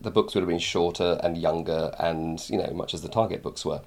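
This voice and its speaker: A man's voice: low voice, fairly even intonation, brisk, darkish tone. A man and former book editor chatting casually, rambling with many fillers and restarts. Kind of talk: casual conversation.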